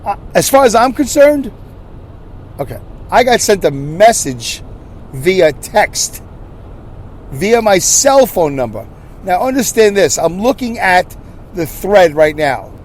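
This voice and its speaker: A man's voice: high-pitched, sing-song, takes it slowly, pauses often, a little hiss or hum. A man hosting a podcast, telling a story in a casual monologue with exasperated ranting and frequent restarts. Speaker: podcast host.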